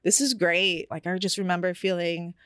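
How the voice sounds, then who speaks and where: Young woman, low pitch, podcast co-host; candid, confessional storytelling, loose and full of fillers. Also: level tone, normal speed, fairly bright tone, clean tone, dry recording, studio quality. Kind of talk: personal storytelling in casual chat.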